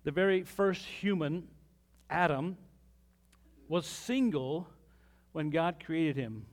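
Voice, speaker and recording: A man preaching a sermon as pastor, reading scripture with pauses and lively asides to the congregation. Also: on the high side.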